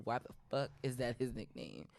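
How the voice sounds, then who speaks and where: A woman's voice: extremely low pitch, sing-song, moderate pace, creaky, darkish tone, no echo. A woman co-hosting a podcast in casual chat, blunt and profane, laughing often. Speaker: podcast co-host.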